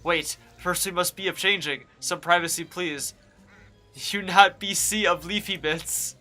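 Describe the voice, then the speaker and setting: A man's voice: sits high, fairly even intonation, a little slow, bright, forceful tone, faint music behind, full character voice. A man voicing a rioting talking cabbage that speaks in broken, chanting phrases. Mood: eager.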